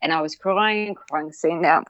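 A woman's voice: low voice, normal speed, a bit bright, no room sound, highs cut off. A woman guest telling a personal campaign story with emotion, speaking candidly, swearing freely and repeating herself for emphasis.

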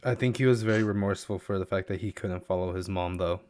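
A man's voice: low-pitched, fast talker, darkish tone. A man co-hosting a casual chat, eagerly retelling events with lots of "like". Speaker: podcast co-host. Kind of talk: casual chat about an anime series.

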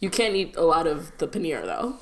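A woman's voice: deep voice, big pitch swings, fairly quick, noisy background. A woman co-hosting a casual chat, giggling and chatting with many restarts.

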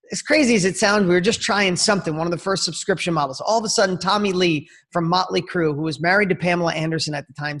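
A man in his fifties, a podcast guest, telling a personal story in an energetic, slangy way and talking straight to the host. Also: high-pitched. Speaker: interview guest. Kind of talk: casual storytelling.

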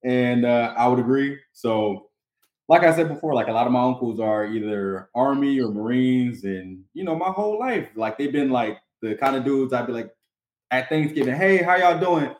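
Host: man, animated storyteller, mid pitch, roomy echo. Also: normal speed. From North Carolina. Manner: animated storyteller, acts out voices, laughs often. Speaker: podcast host. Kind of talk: casual chat. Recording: echoey room.

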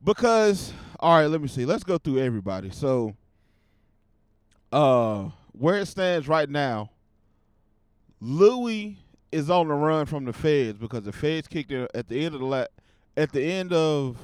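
A young adult man hosting a podcast alone, talking casually in a slangy, profane way and getting loud and fired up as he rants. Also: a little high, lively intonation, unhurried, clear, resonant tone, no room sound, clean studio sound. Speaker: podcast host. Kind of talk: casual solo podcast rant.

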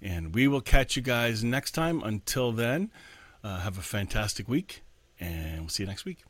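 A man who is a pastor and podcast host, talking in an earnest, reflective way in a candid monologue and slowing down to stress his points. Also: on the low side, very animated, fairly bright tone.

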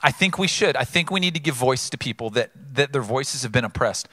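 A male pastor preaching a sermon, earnest and building to emphatic peaks before dropping low, an animated storyteller. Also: brisk, no echo, studio quality.

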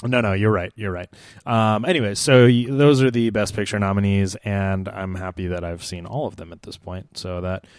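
A laid-back man co-hosting a podcast, chatting casually and laughing often. His voice is fairly low and recorded close and dry. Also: fairly even intonation, normal speed, a little mellow, clear, resonant tone, no echo. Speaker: podcast co-host. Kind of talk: casual chat.

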